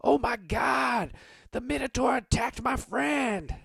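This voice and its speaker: A man voicing a panicky male con artist who shouts theatrically to stir up a crowd. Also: slow pace, vocal fry, breathy edge, no echo, studio quality, exaggerated voice. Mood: frantic. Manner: shrill, frantic and theatrical.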